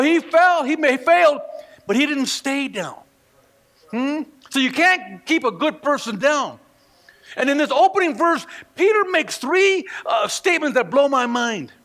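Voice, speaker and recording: A man preaching a sermon in church, telling stories with animated delivery and acting out the people he quotes. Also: very high voice, unhurried, gravelly. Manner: animated storytelling, acts out quoted voices. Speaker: pastor. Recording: long reverb of a hall.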